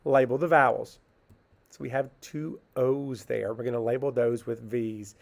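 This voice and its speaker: A man's steady, gravelly, mid-range voice leads a phonics lesson for kids. He patiently asks a question and answers it himself, then slowly sounds out each word syllable by syllable.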